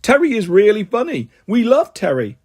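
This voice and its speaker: Brief: storybook crowd, high, giddy, all over the place, read by a male narrator. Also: moderate pace, slightly rough, exaggerated voice. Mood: excited. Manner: excited, high, chanting. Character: excitable cheering crowd of male lookalikes.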